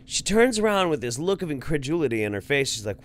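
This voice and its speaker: A man co-hosting a podcast in a loose, profane way, telling stories and putting on voices as he goes. His pitch jumps around a lot. His voice sits in the middle range. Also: quick pace, hardly any pauses. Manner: animated, swears freely, acts out voices in stories. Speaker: podcast co-host. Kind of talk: casual chat, storytelling.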